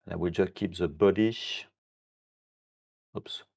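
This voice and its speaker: A man who is not a native English speaker, demonstrating software on a live stream, halting, with many fillers and self-corrections. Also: deep voice, steady tone, vocal fry. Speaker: software team member demonstrating features.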